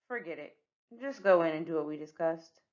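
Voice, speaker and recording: A woman reading a children's picture book aloud as the narrator, with expressive storytelling. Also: sits low, a little fast, dull audio.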